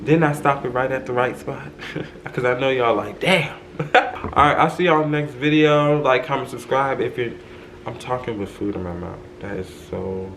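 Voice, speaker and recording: A chatty young man recounts a story straight to his camera, laughing in asides to his viewers. His voice sits at an ordinary middle pitch, with a faint hiss of noise underneath. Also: normal speed, fairly bright tone, poor audio. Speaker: vlogger. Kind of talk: casual storytime chat.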